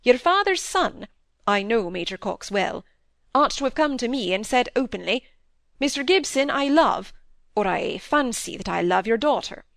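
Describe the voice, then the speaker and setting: A woman's voice: a little high, lively intonation, normal speed, creaky, fairly bright tone, dry recording. Wry middle-aged country doctor in a storybook, sternly lecturing, dry close sound, read by a woman.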